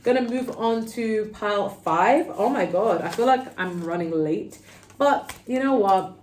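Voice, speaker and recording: A woman's voice: mid-range voice, a little slow, slight background noise. Chatty London woman reading tarot. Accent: London English. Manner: chatty, animated, peppered with "okay?" and "like". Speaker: tarot reader. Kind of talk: casual pick-a-card tarot reading. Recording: roomy echo.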